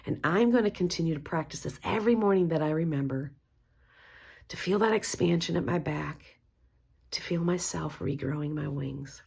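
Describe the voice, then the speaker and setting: A woman leading a guided mantra practice, speaking gently and encouragingly. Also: low-pitched, moderate pace, creaky, slightly rough. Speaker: spiritual teacher.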